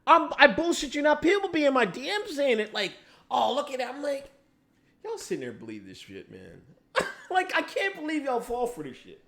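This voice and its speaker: An animated man hosting a casual livestream, arguing with viewers in the chat. His voice sits high and swings widely in pitch as he goes from mumbled asides to loud outbursts. He swears freely. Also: moderate pace. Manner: profane, animated, talks back to chat. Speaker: livestream host.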